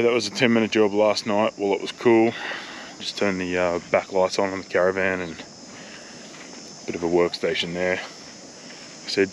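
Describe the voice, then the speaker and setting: A relaxed Australian man with a slightly low voice talks to the camera in an easy, plain-spoken vlog style, dropping the odd mild swear. Behind him there is steady, clearly audible noise of insects and passing vehicles. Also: rough recording. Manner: laid-back, plain-spoken, swears casually. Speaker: travel vlogger. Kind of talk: casual vlog narration.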